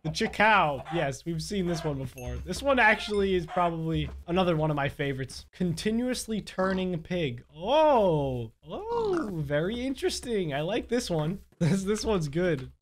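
A young man giving excitable gameplay commentary, laughing often and yelling at the mobs. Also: high-pitched, moderate pace, hardly any pauses, a little hiss or hum. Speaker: gaming YouTuber.

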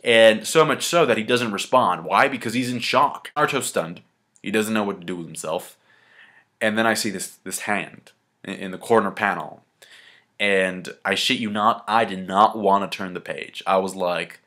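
A man giving a casual manga review, excited and slangy, swearing freely and talking the chapter through. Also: fairly low pitch, moderate pace.

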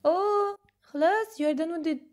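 A woman's voice: extremely high pitch, normal speed. A woman hosting a casual livestream, chatting playfully with viewers in simple broken English and laughing often. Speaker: livestream host.

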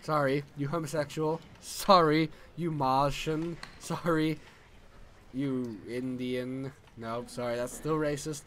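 A man's voice: a little high, steady tone, slow, fairly bright tone, a little hiss or hum. A young man in his late teens, a little drunk, rambling and giggling as he plays a game and loses his train of thought. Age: young adult. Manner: rambling, giggly, swears a lot. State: tipsy from drinking. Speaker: let's play commentator. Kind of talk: casual gaming commentary.

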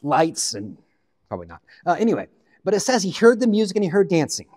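A man from the Pacific Northwest, a guest pastor, preaching a sermon in an animated storytelling way, with joking asides. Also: high-pitched, quick pace, long reverb tail.

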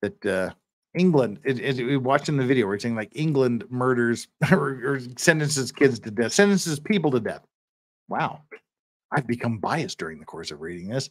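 A man's voice: medium pitch, animated, normal speed, dry recording. A man commenting casually on a historic courtroom speech, explaining each argument with emphatic, restart-filled delivery. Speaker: legal commentator.

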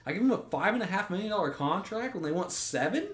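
Ranting young man with lively pitch. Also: quick pace. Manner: exasperated ranting, swearing, frequent restarts. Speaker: gaming YouTuber. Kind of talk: gameplay commentary. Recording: roomy echo with faint music.

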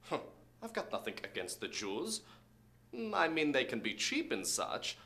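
Man playing a German-accented thug, bright and forceful, lively pitch, faint hiss. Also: unhurried, exaggerated voice. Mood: blunt. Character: brash, blunt German-accented male thug.

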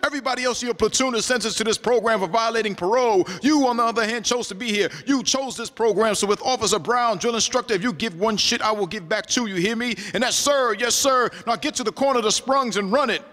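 A man playing a harsh prison drill instructor, shouting commands and insults in a rhythmic bark. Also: very high-pitched, quick pace, few pauses, voice pushed up. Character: barking hard male prison drill instructor. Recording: long reverb of a lecture hall.

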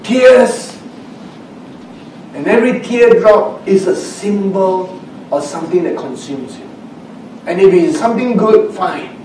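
A man preaching a sermon as a pastor. He speaks slowly, dropping to a hush at times and rising to shouts for emphasis. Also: sits high, lively intonation. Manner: slow, swings from hushed to shouting with emphasis. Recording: echoey hall, recorded from a distance with faint background noise.

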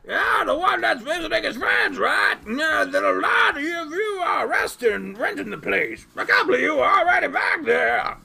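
A man voicing an excitable male restaurant owner in a video game read-through, loud and welcoming. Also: very high voice, normal speed, vocal fry, few pauses, voice pushed up, full character voice. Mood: eager.

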